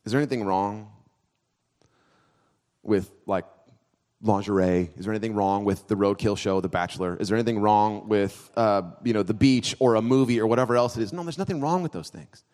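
Preaching briskly in a church hall, a man acting as pastor swings from loud, emphatic, raised passages to low, quiet, intimate asides.

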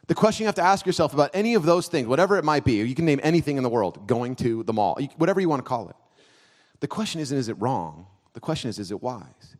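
A man preaching a sermon as a pastor in a church, moving between loud, raised emphatic passages and quiet, low, close asides. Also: expressive, quick pace. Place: church hall.

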